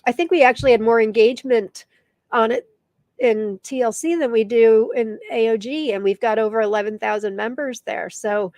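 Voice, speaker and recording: A woman's voice: fairly high pitch, moderate pace, a little mellow, dry recording. A middle-aged woman hosting a casual live stream, teary and emotional as she reads viewer comments aloud. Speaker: live show host.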